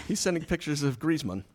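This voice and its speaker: A man's voice: fairly high pitch, dry recording. Teasing man in casual podcast banter. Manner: dry teasing, laughs often. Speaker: podcast co-host. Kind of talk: casual chat.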